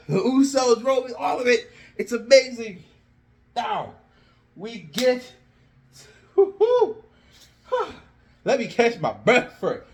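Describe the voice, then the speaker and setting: Guy with a high voice hyping up his fantasy wrestling booking, breathless play-by-play, yells when it gets good. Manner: animated, breathless, shouts at big moments. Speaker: wrestling fan booking storylines. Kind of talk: excited play-by-play storytelling.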